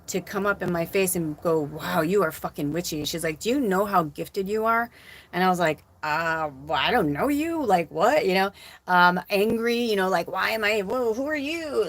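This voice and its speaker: A woman in her forties from Illinois, a spiritual medium telling her life story in a casual live stream, animated and swearing as she acts out what she said. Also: fairly low pitch. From Illinois, USA.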